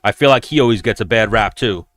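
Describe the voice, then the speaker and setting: A man's voice: fairly low pitch, quick pace, fairly bright tone. A man hosting a casual fight watch-along, chatting loosely with viewers in a rambling, profane way. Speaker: host.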